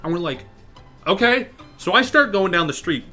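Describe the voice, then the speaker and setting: A young man casually telling a funny personal story, acting out the people in it with a louder raised voice, over faint background music. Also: sits high, fast talker. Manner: animated, acts out quotes in louder raised voice. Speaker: storyteller and channel host. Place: online virtual social space.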